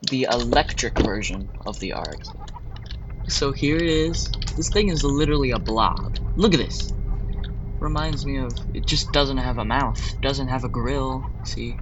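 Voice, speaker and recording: A man's voice: medium pitch, background noise. A man giving casual, rambling commentary on a video game, offhand and dryly mocking. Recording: dull lo-fi mic with keyboard clatter.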